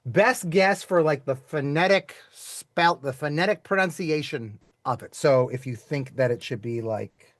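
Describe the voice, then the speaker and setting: A man's voice: a little high, unhurried, few pauses, no echo. A man teaching a live online class to children, playful and chatty, quizzing students and asking them to type their answers in the chat.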